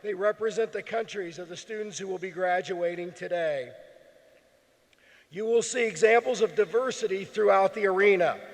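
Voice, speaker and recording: A hoarse man delivering a formal, earnest welcome speech at a ceremony in a large indoor arena, speaking into a podium mic. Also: high-pitched. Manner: earnest, measured address. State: hoarse, losing his voice. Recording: long arena reverb.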